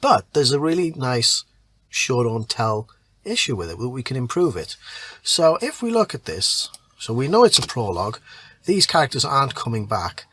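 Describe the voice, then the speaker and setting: A man in a writing lesson reads a story draft aloud, then reworks it line by line. His pitch sits in a middle range, and he often stops to weigh his words. The clatter of keyboard typing comes through clearly behind him. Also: sing-song, fairly bright tone, slight background noise. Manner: thinks aloud while rewriting, pausing over words. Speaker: writing teacher. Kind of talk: reading a draft aloud and editing it.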